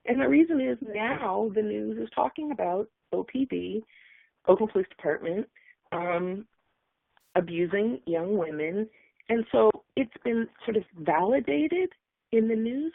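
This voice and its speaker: A middle-aged woman sharing a personal account on a call, halting and emotional, with many fillers. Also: medium pitch, expressive, gravelly, no echo. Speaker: webinar speaker. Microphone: phone line. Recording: tinny phone line, dry.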